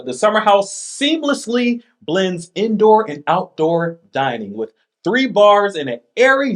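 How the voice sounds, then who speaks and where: A man's voice: a little high, fairly bright tone. A man hosting a casual chat, reading items aloud with playful asides and laughs. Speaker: podcast host.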